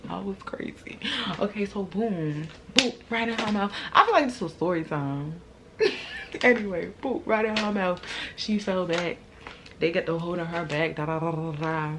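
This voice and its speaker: A woman's voice: measured pace, background noise. A young adult woman vlogger telling a storytime to camera in casual slang, acting out other people's lines and laughing often. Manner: animated, acts out quoted lines with big jumps in pitch and loudness.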